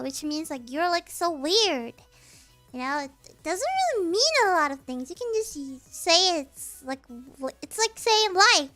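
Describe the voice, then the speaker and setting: A woman's voice: high voice, lively intonation, a little slow, pushed and bright, soft background music. A woman streamer explaining slang in a casual, giggly, rambling way, often restarting her sentences.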